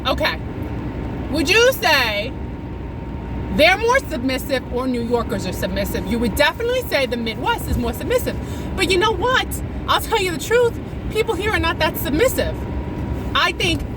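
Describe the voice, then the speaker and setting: A woman rants sarcastically at the wheel of her car, her high voice swooping up and down. Loud road noise hums behind her. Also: moderate pace. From New York. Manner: animated, sarcastic ranting. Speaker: comedy vlogger. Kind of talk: talking to herself while driving. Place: inside a car while driving.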